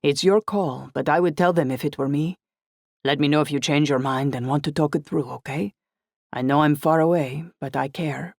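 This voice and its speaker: A narrator voicing a caring young man who speaks calmly and gently to a friend. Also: mid-range voice, moderate pace, creaky, no room sound, studio quality. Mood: gentle. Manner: calm, gentle, supportive.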